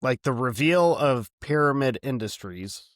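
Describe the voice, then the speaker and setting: A man co-hosting a film podcast in casual chat, animated and laughing often, talking in long run-on thoughts. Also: mid-range voice, a little slow, dry recording, clean studio sound. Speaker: podcast co-host.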